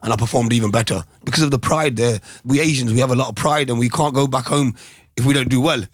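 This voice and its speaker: A man's voice: medium pitch, fast, no echo, studio quality. A middle-aged man, a former boxer, giving reflective interview answers with restarts. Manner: soft-spoken, reflective, with restarts.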